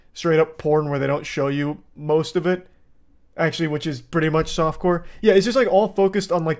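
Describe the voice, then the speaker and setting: A young man giving casual, rambling commentary on a TV show, crude and amused. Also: on the high side. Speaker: show reviewer.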